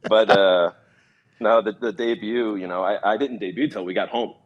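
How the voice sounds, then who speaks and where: In a laid-back storytelling interview, a former pitcher from California, now in his thirties, shares his stories, often restarting sentences and using plenty of fillers.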